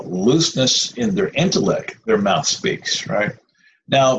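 A man preaching an informal sermon in a conversational, rambling way, with restarts and asides. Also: medium pitch. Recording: dull lo-fi recording with faint noise.

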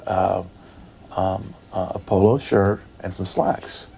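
Gravelly man telling a lively sermon story. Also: measured pace. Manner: animated storyteller, acts out dialogue with big pitch jumps, fills with "da, da, da". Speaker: preacher.

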